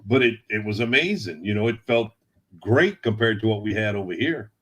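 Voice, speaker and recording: A man chatting as a guest, laid-back, telling animated stories. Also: on the low side, a little fast. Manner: laid-back drawl, animated storyteller who acts out quotes. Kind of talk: casual storytelling chat.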